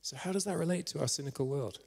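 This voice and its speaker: A man's voice: fairly high pitch, quick pace, vocal fry, husky. A man preaching a sermon with passion, urging listeners to get involved. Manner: impassioned, drops to a hushed whisper for the story's climax. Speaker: guest preacher. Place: church hall. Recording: reverberant church hall.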